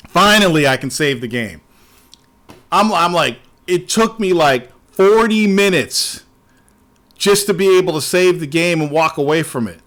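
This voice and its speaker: A man hosting a casual show, ranting in an animated, profane way and trailing off into repeated words. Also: fairly high pitch, unhurried. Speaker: podcast host.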